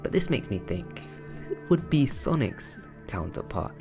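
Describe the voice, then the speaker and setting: A man's voice: medium pitch, sing-song, unhurried, vocal fry. A young man giving casual, reflective analytical commentary on a video game series. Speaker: video essayist. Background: background music.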